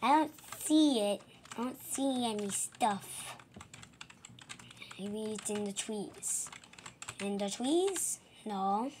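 A woman's voice: medium pitch, expressive, slow, pauses often, darkish tone, a little hiss or hum. A woman muttering to herself while sneaking around in a game role-play. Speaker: gamer.

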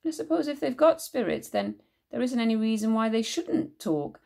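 A woman voicing a thoughtful young girl who speaks softly and matter-of-factly. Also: a little high, very animated, normal speed, creaky, voice pushed up, full character voice. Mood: earnest.

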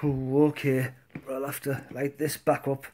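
A man's voice: medium pitch, level tone, measured pace, a little mellow. A man in a comedy sketch talking in a laid-back, crude way.

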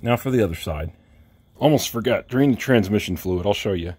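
A man with a husky, slightly rough voice talks through a repair step by step. He sounds plainspoken and matter-of-fact, dropping in fillers and dry little asides as he works. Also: lowish voice, animated, brisk, a little mellow, no echo. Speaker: DIY car repair vlogger. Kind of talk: casual step-by-step repair instructions. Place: home driveway, working under a car.

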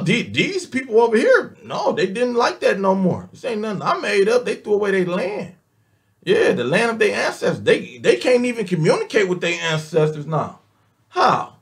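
A man with an African American Vernacular English accent, ranting alone in a heated monologue. His voice sits high and gravelly and swings widely, leaping up sharply whenever he presses a point. He swears freely and keeps repeating his oaths. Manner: emphatic, swears often, repeats oaths, voice leaps up when worked up. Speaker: vlogger ranting to camera.

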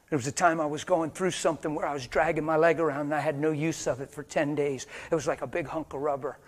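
A middle-aged man preaching a passionate sermon, swinging between loud emphasis and soft, hushed storytelling. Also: on the high side, steady tone, fast, few pauses.

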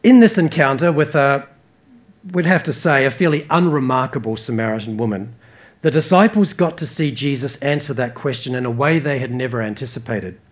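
A man with an Australian accent preaching a sermon earnestly, rising emphatically and dropping soft. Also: medium pitch, brisk. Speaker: pastor.

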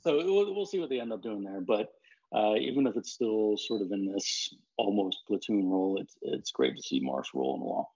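Halting male sports reporter, muffled audio. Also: lowish voice, lively intonation, a little mellow. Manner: halting, many fillers and restarts. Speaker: baseball reporter. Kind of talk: casual sports chat.

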